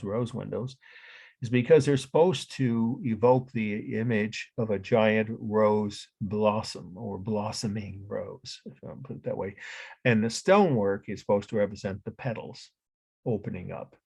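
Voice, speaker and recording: A man's voice: fairly low pitch, creaky, a little mellow, slightly rough. A middle-aged man teaching an art history lecture, explaining at length with rambling asides and self-corrections. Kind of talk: classroom lecture.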